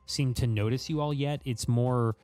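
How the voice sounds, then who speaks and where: A man's voice: medium pitch, steady tone, normal speed, a little mellow, faint music behind. A man narrating as game master of a tabletop game, describing scenes casually with frequent restarts.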